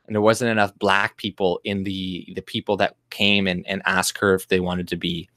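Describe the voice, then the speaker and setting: A man's voice: sits low, level tone, moderate pace, fairly bright tone, no room sound, clean studio sound. A man from Canada hosting a casual political livestream from his home, rambling and profane, restarting often and mimicking people he mocks. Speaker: livestream host. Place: home room.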